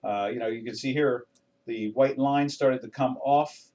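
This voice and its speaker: A man's voice: mid-range voice, steady tone, a little slow, darkish tone, recorded from a distance. An older man hosting a live trading webinar, talking through charts in a folksy, rambling way with many restarts and fillers. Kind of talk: casual live market commentary.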